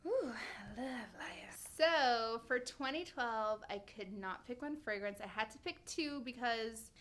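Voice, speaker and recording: Gushing woman vlogger, fairly high voice. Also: unhurried, a bit bright. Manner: gushing and enthusiastic, trips over names. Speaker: beauty vlogger reviewing perfumes. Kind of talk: casual chat to camera.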